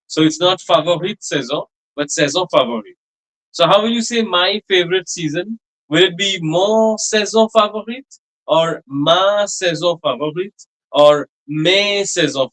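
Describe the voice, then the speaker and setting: A man with a noticeably high voice teaches a French lesson. He explains each point plainly and drills words over and over at an unhurried pace. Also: fairly bright tone, low-quality recording. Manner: slow, patient pronunciation drills with repetition. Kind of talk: language class instruction.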